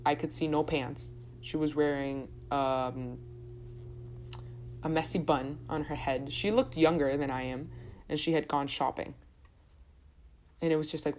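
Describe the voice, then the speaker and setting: A woman's voice: deep voice, fairly even intonation, a little slow, pauses often, a little mellow, slight background noise. A young woman hosting her own podcast, chatting casually and rambling with lots of restarts. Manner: rambling, chatty, self-correcting. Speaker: podcast host. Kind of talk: casual solo podcast chat.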